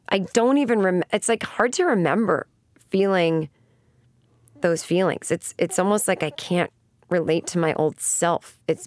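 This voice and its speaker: Woman, comedian, from Boston, lively storyteller, acts out quotes, dry studio sound. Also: no echo. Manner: animated, comic, acts out quotes in high voices. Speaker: comedian guest. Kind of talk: storytelling interview.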